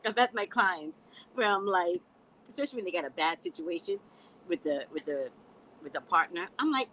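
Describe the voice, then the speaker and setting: A woman's voice: on the low side, expressive, normal speed, fairly bright tone, slight background noise, rough recording. A middle-aged woman hosting a casual live stream, talking bluntly and sassily to her viewers and laughing as she goes. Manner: blunt, sassy, laughing, addresses viewers as guys. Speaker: psychic reader and live host.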